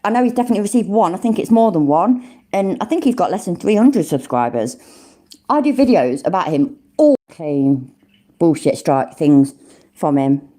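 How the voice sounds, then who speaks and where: A tipsy woman in her forties hosts a casual livestream, swearing freely and laughing as she talks. Her voice sits low and mellow, yet it swings widely up and down. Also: normal speed. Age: 40s. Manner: sweary, animated, laughing often. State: tipsy from drinking. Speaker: livestream host.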